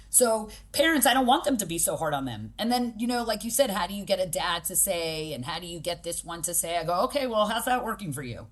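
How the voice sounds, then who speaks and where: A woman being interviewed as a podcast guest. She speaks directly and pragmatically, with emphasis, and acts out the people she quotes. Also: on the low side. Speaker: podcast guest, boxing gym owner. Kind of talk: conversational interview.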